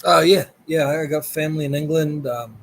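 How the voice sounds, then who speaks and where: A man's voice: on the high side, normal speed, rough recording. Laid-back man from New Zealand. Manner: rambling, laughs while telling stories. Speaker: guest. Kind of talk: casual storytelling interview.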